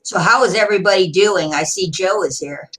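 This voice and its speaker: A woman's voice: mid-range voice, a little fast, fairly bright tone, poor audio. Chatty, enthusiastic woman. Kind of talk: casual group video chat.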